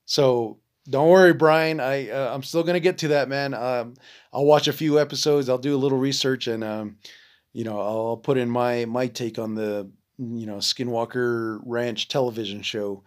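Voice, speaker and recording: A man's voice: medium pitch, moderate pace. Rambling casual man telling a story. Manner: rambling, many fillers and restarts, swears freely; acts out quoted voices in lively bursts. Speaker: podcast host.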